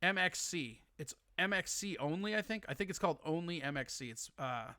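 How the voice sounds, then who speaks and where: A man with a bright, fairly high voice hosts a live call-in stream. He teases and swears freely in casual banter, and the sound is dry and close. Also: expressive, brisk, no echo. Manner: joking, teasing, profane.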